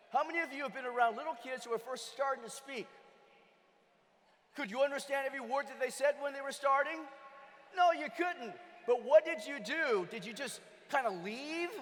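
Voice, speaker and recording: A man delivering a motivational keynote with lots of energy, often rising to a shout as he questions the crowd. His voice is very high. Long hall reverb trails each phrase. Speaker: keynote speaker. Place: large convention hall.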